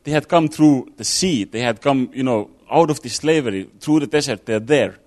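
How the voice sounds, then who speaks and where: A man's voice: medium pitch, animated, moderate pace, a little mellow. A man delivers an informal sermon in a mid-range voice, speaking as if thinking aloud. He restarts phrases and fills gaps with "um" and "you know", keeping it loose and conversational. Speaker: preacher.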